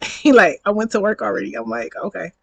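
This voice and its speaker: A woman's voice: medium pitch, very animated, a little fast, no room sound, poor audio. Thirties woman, casual storytime vlogger, slangy and chatty, dry close-up sound. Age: 30s. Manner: chatty, slangy, reenacts dialogue, laughs often.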